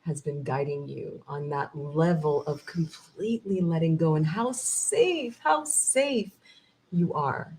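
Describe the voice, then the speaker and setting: A woman hosting the talk, who gently leads the guest into a short guided reflection and encourages her. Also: sits low, lively intonation, slightly rough, low-quality recording. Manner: slow, soothing, encouraging. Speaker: host guiding the conversation. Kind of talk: guided meditation prompts and interview.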